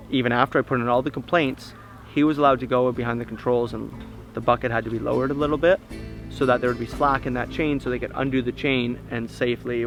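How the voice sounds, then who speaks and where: A man, a protester, calmly telling in an interview what happened to him, in a plain storytelling manner. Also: medium pitch, vocal fry. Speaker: protester recounting events. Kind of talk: documentary interview recollection.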